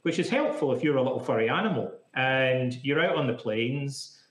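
A man's voice: medium pitch, lively intonation, moderate pace. A man being interviewed as a psychotherapist, explaining things in a chatty, casual way full of "like" fillers. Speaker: psychotherapist guest. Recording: echoey room.

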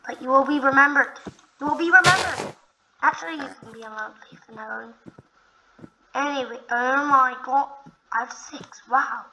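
A young woman casually narrating her own video game play, excitable, often gasping and talking to the animals on screen. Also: high-pitched, moderate pace, a little hiss or hum, rough recording. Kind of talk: casual gameplay commentary.

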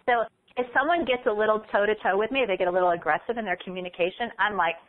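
A woman guest on an ADHD podcast, talking earnestly and acting out quick examples of inner thoughts. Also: mid-range voice. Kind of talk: podcast interview. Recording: tinny phone line.

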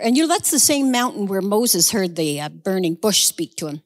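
A woman's voice: medium pitch, big pitch swings, moderate pace, few pauses, long reverb tail. A woman preaching a sermon, telling a story conversationally with humorous asides.

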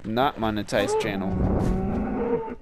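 Young male gamer, goofy, lively pitch, noisy home mic. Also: drawn-out words. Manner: goofy, bursts into yelps and silly voices. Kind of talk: casual gameplay banter.

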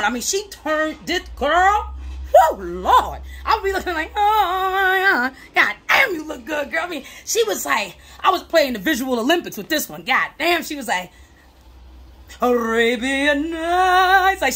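High-voiced woman with a gravelly crackle, blunt slangy advice vlog, keeps repeating stuff for emphasis. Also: sing-song, unhurried, fairly bright tone. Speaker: relationship advice vlogger. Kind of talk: casual straight-talking monologue.

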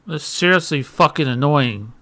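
A man's voice: mid-range voice, fairly bright tone, a little hiss or hum. A man muttering and swearing in frustration while playing a video game. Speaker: gamer. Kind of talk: let's play commentary.

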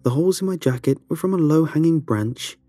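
Dark, husky male horror narrator. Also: fairly high pitch, no room sound, faint music behind. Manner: slow, dramatic storytelling delivery.

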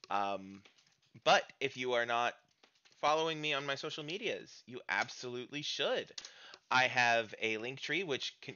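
A man's voice: mid-range voice, sharp tone, smooth, lo-fi sound. An American man in a casual stream outro chat, rambling and hesitant with many fillers.

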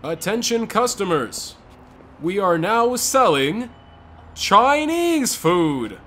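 A man hosting a comedic gameplay commentary, goofy and often yelling in exasperation. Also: high voice, big pitch swings, slow pace, slight background noise. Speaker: gaming channel host. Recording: game music in the background.

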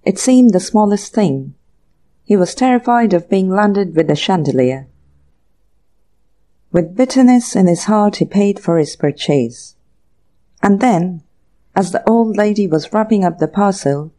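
An audiobook narrator reading a classic mystery story in measured, even scripted narration. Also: mid-range voice.

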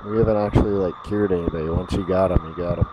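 A man playing in a tabletop game, speaking casually and haltingly. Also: sits low, steady tone, dull audio. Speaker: player. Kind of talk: tabletop game play over voice chat. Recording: loud hiss on a home mic.

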